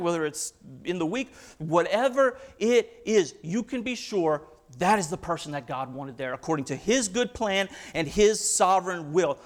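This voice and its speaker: A pastor preaching a sermon with passion, building through rhetorical questions and quoted scripture. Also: male voice, sits high.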